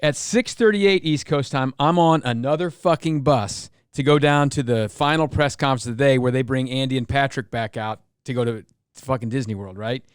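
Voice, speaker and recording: A man's voice: medium pitch, normal speed, smooth, no room sound, studio quality. A man hosting a podcast, rambling through a story with plenty of swearing. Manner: rambling, swears, reads timestamps aloud. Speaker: podcast host. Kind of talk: casual podcast chat.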